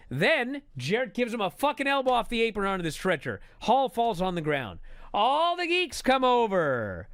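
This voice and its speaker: A man angrily recapping a wrestling show in a profane, exasperated rant that builds to shouting. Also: high-pitched, huge pitch swings, normal speed, dry recording, studio quality.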